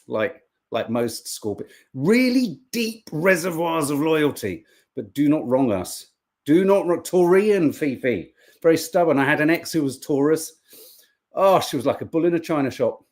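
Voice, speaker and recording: Brief: a male co-host, lively and sweary, slightly higher voice, swinging pitch. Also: moderate pace. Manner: jokey, animated, swears freely. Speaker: podcast co-host. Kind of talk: casual live-stream chat, reading viewer comments.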